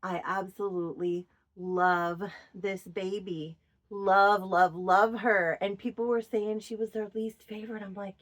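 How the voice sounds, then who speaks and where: A woman from Minnesota, a doll collector vlogger, chats casually to her viewers and gushes over her collection with doting, drawn-out praise. Her mid-range voice has fairly even intonation.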